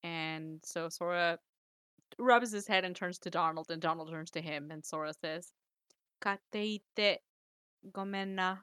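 A woman's voice: deep voice, steady tone, moderate pace, a bit bright, smooth, no echo. A woman co-hosting a casual podcast, retelling a game scene in a playful, giggly way and swearing now and then. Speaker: podcast co-host.

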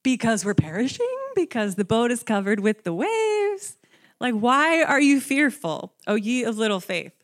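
A young woman preaches in a chatty, animated way. She jumps high when she acts out the frightened disciples. Her voice sits a little high, and she drops soft when she reflects. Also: moderate pace. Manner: animated, conversational, acts out the disciples with rising pitch. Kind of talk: sermon.

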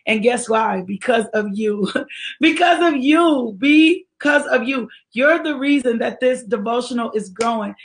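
A woman hosts a livestreamed morning devotional for her ministry. She speaks in a lively, exhortative way and greets viewers by name. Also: on the high side, a little hiss or hum. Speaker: ministry leader hosting a devotional.

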